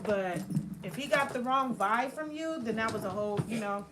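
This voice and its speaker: A woman's voice: fairly high pitch, animated, moderate pace. A woman chatting casually in a nail salon, telling a long story in a rambling way, full of filler phrases. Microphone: phone livestream. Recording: clear nail sanding noise behind.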